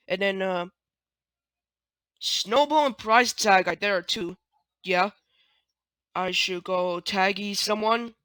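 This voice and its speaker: Bright voice, dry close sound, casual retelling, rambling, hesitant, many fillers. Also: mid-range voice, clear, resonant tone, dry recording. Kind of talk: casual retelling of cartoon scenes.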